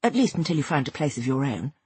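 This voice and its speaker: A brisk, kindly woman of a wartime village speaks with earnest urgency, as a female reader puts her on. Her voice is very husky and breathy, and it rises and falls freely. The sound is dry and close. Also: very deep voice, sing-song, darkish tone, no room sound, voice pushed down, heavily acted.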